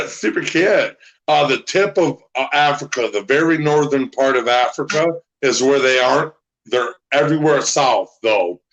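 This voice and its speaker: A man's voice: medium pitch, moderate pace, fairly bright tone, low-quality recording. A man co-hosting a casual stream, crude and jokey, laughing a lot and filling gaps with ums. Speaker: co-host. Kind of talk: casual chat.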